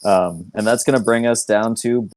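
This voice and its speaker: A laid-back man runs a tabletop game over voice chat in a fairly low voice, chuckling often as he narrates. The sound is close and dry. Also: steady tone, normal speed, darkish tone, no room sound. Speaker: game master. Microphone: online voice chat.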